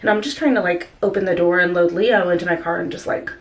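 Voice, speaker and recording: A woman's voice: on the low side, fast. A young woman telling a story in a casual vlog, chatty, with many filler words. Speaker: vlogger.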